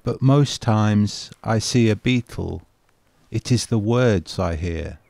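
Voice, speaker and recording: A man narrating a personal memory in a slow, measured, wistful way for a home renovation vlog. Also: fairly low pitch, creaky, dark tone, a little hiss or hum.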